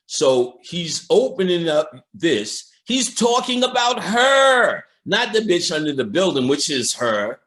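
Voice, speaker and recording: Lively, swearing man lecturing. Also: fairly high pitch, slow pace. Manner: profane and emphatic, talks straight to viewers. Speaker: occult lecturer. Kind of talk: casual commentary over a film.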